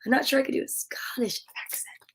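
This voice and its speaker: A woman's voice: a little fast, in a whisper. A woman hosting a children's storytime, reading a storybook aloud playfully and animatedly, with chatty asides. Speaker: storytime host.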